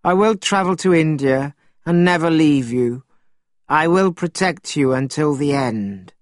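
A brash, mischievous monkey king, put on by a male storyteller, cries out in a high, shrill voice. His pitch leaps and swoops with every line, and the storybook reading stays slow and deliberate in a dry, close sound. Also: sing-song, no room sound. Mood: earnest.

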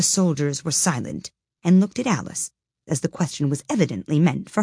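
A woman reading a storybook aloud in an expressive, lively way. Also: low voice, normal speed, husky, dry recording, studio quality.

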